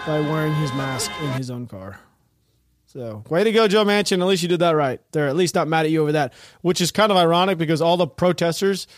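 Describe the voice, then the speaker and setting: A man hosting a podcast, giving casual, mocking commentary with a sarcastic edge and frequent laughter. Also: on the high side. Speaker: podcast host.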